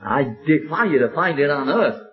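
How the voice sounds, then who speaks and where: Man preaching, fervent, drawn-out emphasis, lively swooping voice, dull lo-fi sermon recording. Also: a little high.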